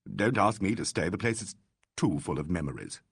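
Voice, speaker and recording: A man's voice: low-pitched, expressive, moderate pace, creaky, slightly rough, no room sound, clean studio sound, full character voice. A man voicing a melodramatic, self-pitying actor in a mystery audiobook, sighing and affected. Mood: wistful.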